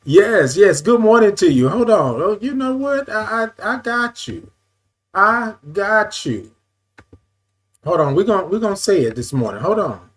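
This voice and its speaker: A man hosting a casual morning live stream, greeting viewers by name with drawn-out, sung greetings and saying y'all a lot. He repeats his phrases and adjusts his camera as he talks. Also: sits high, very animated.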